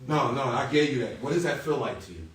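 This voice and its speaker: A man speaking as a dean to a group of young men, giving a motivational speech and leading call-and-response chants, moving from low confiding talk to loud calls. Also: expressive, quick pace, roomy sound, recorded from a distance, a crowd in the background. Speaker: dean leading a youth ceremony.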